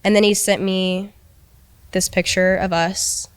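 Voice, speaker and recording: A young woman recounting a painful personal experience in a halting, hesitant way, with many restarts. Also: mid-range voice, level tone, clear, resonant tone. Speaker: person telling her story in an interview. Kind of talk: emotional personal account.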